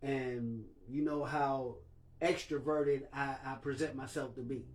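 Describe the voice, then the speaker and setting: A man's voice: mid-range voice, fairly even intonation, measured pace. A man hosting a livestream, talking candidly and emotionally and swearing freely. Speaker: livestream host.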